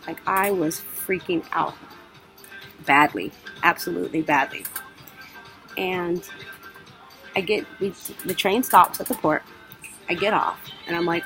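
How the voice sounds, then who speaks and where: A woman's voice: on the low side, a little slow, long pauses, soft background music, low-quality recording. A young woman vlogger telling a travel story in a casual way, acting out her own panic. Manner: animated, acts out her own panic in quotes.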